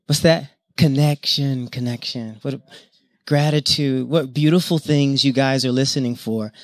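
A man's voice: medium pitch, fairly even intonation, normal speed, no echo, studio quality. A man preaching an interactive sermon with call-and-response, who draws on personal stories and guides the congregation through breathing like a yoga class.

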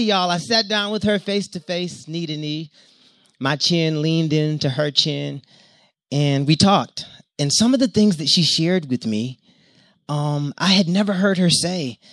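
A man's voice: on the high side, no room sound, studio quality. A man preaching an interactive sermon with call-and-response, who draws on personal stories and guides the congregation through breathing like a yoga class.

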